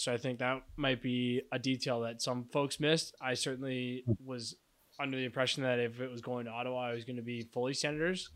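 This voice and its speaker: A man's voice: mid-range voice, sharp tone. A man co-hosting a podcast, talking casually and rambling with fillers and restarts. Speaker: podcast co-host. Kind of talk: casual chat.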